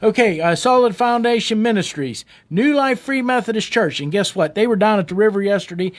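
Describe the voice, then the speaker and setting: A man's voice: sits high, expressive, brisk. A middle-aged man who hosts a folksy talk radio show, rallying listeners in a fiery, slang-filled way. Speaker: radio show host and local official.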